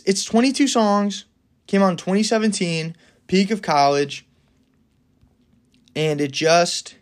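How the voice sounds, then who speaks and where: A young man hosting a casual solo podcast, talking enthusiastically and with firm opinions, often laughing between remarks. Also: a little high. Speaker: podcast host.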